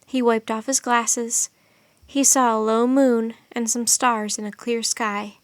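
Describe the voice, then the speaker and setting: Woman, audiobook narrator, expressive storytelling, fairly high voice, dry studio sound. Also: slow, dry recording.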